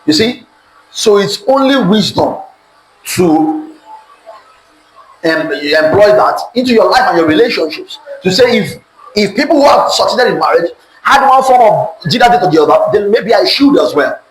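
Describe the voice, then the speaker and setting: A man's voice: high voice, lively intonation, normal speed. Preaching man in an echoey room. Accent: Nigerian. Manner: call-and-response, asks audience to repeat words. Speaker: preacher teaching on relationships. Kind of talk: sermon-style teaching to a live audience. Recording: echoey room with faint background noise.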